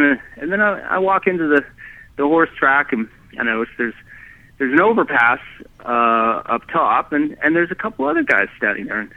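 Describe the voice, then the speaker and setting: A man's voice: on the high side, no echo. A man telling his own story as a guest in conversation, rambling, with many restarts and "you know"s. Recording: tinny phone line, dry.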